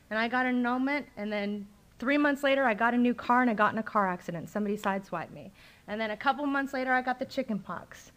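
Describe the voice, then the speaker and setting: A woman's voice: medium pitch, a bit bright. A young adult woman speaking at a recovery meeting, telling her own story candidly and with feeling, with many fillers. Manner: candid and emotional, with frequent fillers.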